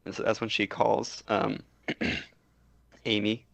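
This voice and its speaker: A man's voice: on the low side, monotone, slow pace, vocal fry, no room sound. A man co-hosting a film podcast, casually reading from his notes with dry remarks. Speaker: podcast co-host. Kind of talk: casual chat.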